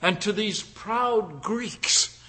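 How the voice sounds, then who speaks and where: Male preacher, high bright voice, emphatic sermon delivery that drops to a hush, stumbles and repeats words. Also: drawn-out words, slightly rough. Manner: emphatic, swings from loud declaring to hushed pleading; repeats and restarts words mid-phrase.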